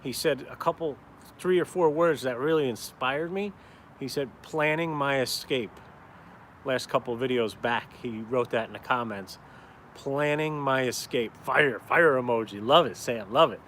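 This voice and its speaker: There's a little hiss or hum behind this man's medium-pitched, fairly bright voice as he speaks at normal speed. A caricature artist and vlogger from upstate New York, he's outside in a cold town, rambling and cursing casually to his live-stream audience.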